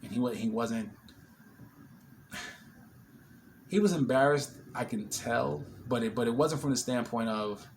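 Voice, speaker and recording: Man telling an emotional story, mid pitch. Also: takes it slowly, pauses often, slight background noise. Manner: emotional, retelling a conversation with quoted back-and-forth. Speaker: vlogger. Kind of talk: casual storytelling.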